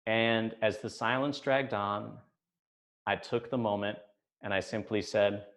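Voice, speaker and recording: A man in his forties telling a personal story on stage, measured with deadpan asides. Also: on the low side. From United States.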